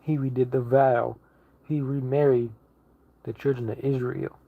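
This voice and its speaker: A man's voice: medium pitch, level tone, measured pace, vocal fry. A man delivers a casual online sermon in a mid-range voice, pressing each point with emphatic repetition and frequent restarts. The recording is muffled and lo-fi. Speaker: lay preacher.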